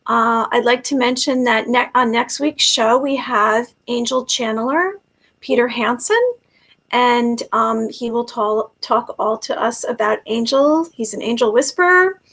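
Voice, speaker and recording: A woman's voice: on the high side, measured pace, a bit bright. A woman hosting a talk show, effusive and grateful, with many fillers as she wraps up. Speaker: host.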